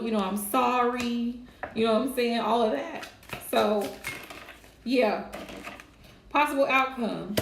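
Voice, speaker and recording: A woman's voice: fairly high pitch, gravelly, a bit bright, reverberant, a little hiss or hum. A woman doing a live tarot reading, chatty and casual, laughing often. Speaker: tarot reader.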